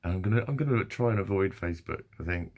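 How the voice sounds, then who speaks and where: A man's voice: deep voice, animated, fast. A man vlogging in a rambling, sweary, self-deprecating monologue. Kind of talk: casual monologue.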